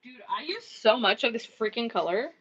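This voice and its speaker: A slightly high-voiced woman rambles through a casual live-stream chat as she crafts, dropping swear words and quietly muttering numbers as she counts. The audio comes through dull and lo-fi. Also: lively intonation, moderate pace, breathy edge. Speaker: livestreaming crafter.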